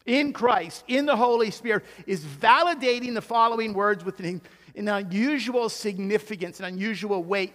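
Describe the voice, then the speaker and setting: A man's voice: high voice, fairly bright tone. A man preaching an expository sermon, emphatic and given to rhetorical questions and repeated words. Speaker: pastor. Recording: long hall reverb.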